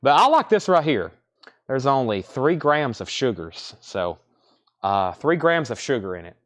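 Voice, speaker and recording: A man's voice: mid-range voice, sing-song, a little slow, fairly bright tone, slight background noise. A man hosting a live record sale stream, chatting casually and rattling off prices, bids and condition notes. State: out of breath.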